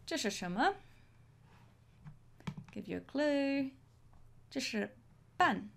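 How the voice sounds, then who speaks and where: A woman teaching a language lesson, modelling each phrase slowly and clearly for learners to repeat. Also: sits high, animated, slight background noise. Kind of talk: slow, deliberate language lesson.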